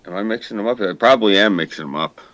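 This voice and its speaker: A man's voice: on the low side, racing, a bit bright, muffled recording. A man with a New York accent chatting casually, rambling with lots of fillers and swearing. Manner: rambling, profane, hesitant. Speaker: podcast co-host. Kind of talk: casual chat.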